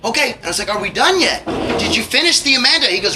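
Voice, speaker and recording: A man with a very high voice tells a concert audience profane, jokey stories between songs, very animated and fast as he acts out each character. The live recording sounds roomy and far-off, with crowd noise.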